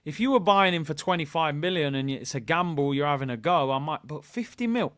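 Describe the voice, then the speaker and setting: A man hosting a live football watchalong, chatting with his viewers and shouting at good news. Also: fairly high pitch, expressive, brisk, no echo, studio quality. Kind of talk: live fan stream chat.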